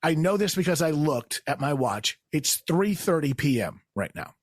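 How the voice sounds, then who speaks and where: A man with a somewhat high, husky voice spins a comic story in casual chat. His pitch leaps around as he acts out the quotes, and he laughs along. The sound is dry and close. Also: normal speed, dry recording. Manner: animated, acts out quotes in raised voices, laughs while telling. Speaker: guest storyteller.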